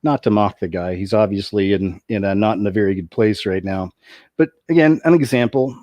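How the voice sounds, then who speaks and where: A man's voice: lowish voice, fairly quick, a little mellow, dry recording, lo-fi sound. A man hosting a commentary video, talking in a rambling way with many restarts and asides.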